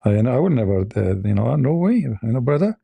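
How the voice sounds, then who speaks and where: A man's voice: medium pitch, very animated, fairly quick, vocal fry, breathy edge, no room sound, phone-quality sound, exaggerated voice. A man voicing a meek, defensive male caller with a hesitant, stammering manner. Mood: flustered.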